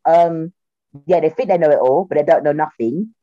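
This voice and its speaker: Speaking at a moderate pace in a deep voice, a young South London woman tells stories in casual chat, voicing the people she quotes with animation. There's no echo, and the highs are cut off.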